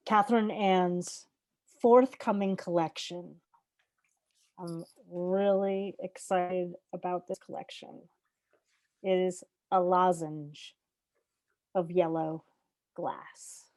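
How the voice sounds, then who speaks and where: A woman host giving measured, formal introductions of poets at a reading. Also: lowish voice, fairly even intonation, dry recording. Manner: slow, measured and warm-worded.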